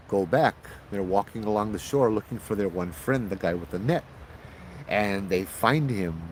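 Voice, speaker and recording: A man telling a ghost story in a loose, animated way, with restarts and fillers. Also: fairly low pitch, a little hiss or hum, poor audio. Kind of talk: casual spoken ghost storytelling.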